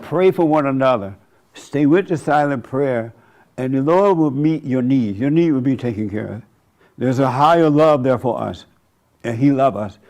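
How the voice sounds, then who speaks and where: A man's voice: mid-range voice, lively intonation, normal speed, a little mellow. A man in his seventies giving a folksy, conversational sermon monologue as a church host, often laughing and mocking. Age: 70s.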